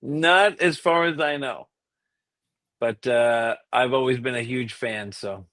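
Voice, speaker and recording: An American man, a professional tenor, answering interview questions in a relaxed way with easy laughter. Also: medium pitch, takes it slowly, dry recording. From United States. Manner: relaxed, laughs easily, some hesitations. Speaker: guest tenor.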